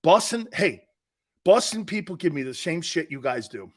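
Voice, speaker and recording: A middle-aged man with an East Coast American accent, hosting a sports talk show in brash, loud, joking banter. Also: on the high side, big pitch swings, moderate pace. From Northeastern United States. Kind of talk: casual live show banter.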